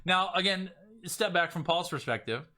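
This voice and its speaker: A man coaching on selling, talking casually and with energy, often acting out sample messages in a lively voice. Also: high-pitched, normal speed. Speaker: business coach. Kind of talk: casual teaching talk.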